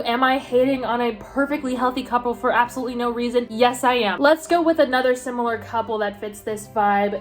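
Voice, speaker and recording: A young woman YouTuber chatting casually and animatedly, with playful slang. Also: fairly high pitch. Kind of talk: casual chat, ranking ships.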